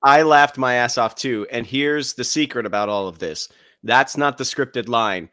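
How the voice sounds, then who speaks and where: Pria pencerita santai, suara kering. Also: male voice, mid-range voice, moderate pace, no echo, studio quality. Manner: animated storyteller, laughs while telling. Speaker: podcast co-host. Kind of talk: casual chat.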